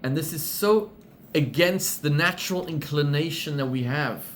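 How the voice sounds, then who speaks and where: A male rabbi from Zimbabwe telling a story as part of a sermon, in an animated way that climbs to excited peaks. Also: a little high, moderate pace, a little hiss or hum.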